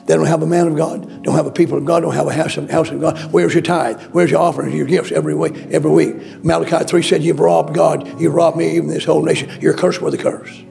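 A man's voice: fairly high pitch, steady tone, fast talker, gravelly, few pauses, warm tone, soft background music. A male preacher delivering a sermon, emphatic and repetitive, calling out questions to the congregation. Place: church.

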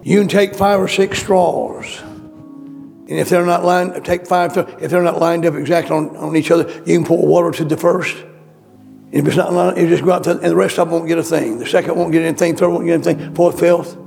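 A man's voice: fairly high pitch, flat delivery, brisk, creaky, a little mellow, soft background music. A male preacher delivering a sermon, emphatic and repetitive, calling out questions to the congregation. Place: church.

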